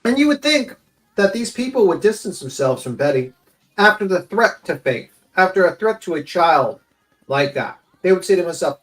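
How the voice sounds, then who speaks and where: Guy hosting a stream, ranting hard, cussing, kinda high voice. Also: big pitch swings, normal speed, a bit bright, poor audio. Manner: blunt, profane ranting. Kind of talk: heated opinion commentary.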